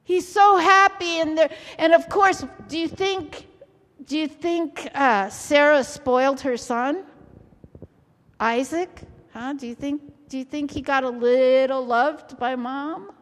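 A woman's voice: high voice, slow. A woman preaching a sermon, asking the congregation questions often and keeping them involved. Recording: long hall reverb.

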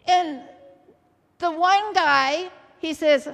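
A woman preaching a sermon as a story, acting out the quoted voices and building to loud exhortation. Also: sits high, unhurried, vocal fry. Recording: long hall reverb.

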